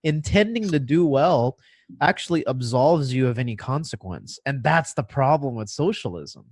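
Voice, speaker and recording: A man's voice: medium pitch, expressive, moderate pace, a little mellow, breathy edge, no room sound. A man co-hosting a podcast, making an argumentative case and explaining his points directly to the listeners. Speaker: podcast co-host. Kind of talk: conversational podcast commentary.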